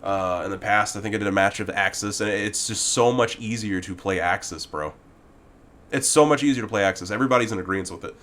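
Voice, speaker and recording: Male gaming commentator, lowish voice, profane exasperated rant addressed at one person. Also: a little fast, a bit bright. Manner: heated, profane, exasperated ranting; talks directly to the person he criticizes. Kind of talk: ranting commentary video.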